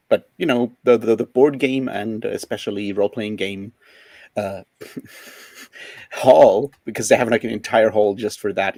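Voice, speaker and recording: A man chats casually, his voice gravelly with fry. He hesitates and fills gaps with ums, and the sound is dry and close. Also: fairly low pitch, mellow, dry recording. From Germany. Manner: hesitant, many ums, laughs often. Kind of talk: casual chat.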